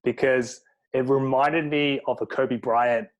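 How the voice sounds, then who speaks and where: A man's voice: medium pitch, a little slow, lo-fi sound. Man, podcast host, casual chatty interviewer, mid-range voice. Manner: relaxed, chatty, filler-heavy.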